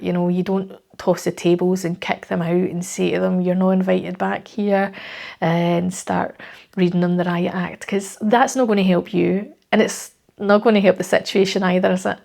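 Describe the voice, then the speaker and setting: A woman's voice: lowish voice, gravelly, darkish tone. A woman with a Scottish accent, a life coach talking straight to the viewer in a conversational, reassuring way, often ending with tag questions. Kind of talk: direct-to-camera coaching talk.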